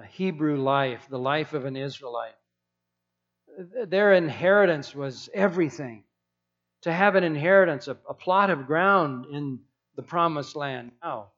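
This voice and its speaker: A man's voice: fairly high pitch, a bit bright, lo-fi sound. Conversational preacher man. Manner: conversational, rhetorical questions, frequent restarts. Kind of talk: sermon.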